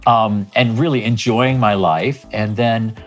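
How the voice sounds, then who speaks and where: A man's voice: on the low side, measured pace, faint music behind. A man in his sixties, a life coach, telling stories in an interview and acting out dialogue in changing voices. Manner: animated, acts out dialogue in shifting voices. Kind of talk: storytelling interview talk.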